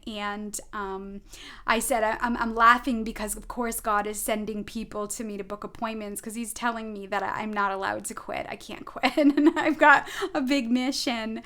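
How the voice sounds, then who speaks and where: A woman's voice: a little high, steady tone, normal speed, a bit bright. A middle-aged woman, a spiritual advisor, talking earnestly to viewers in a casual storytelling way, often checking in with "right?". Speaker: spiritual advisor giving a tarot reading.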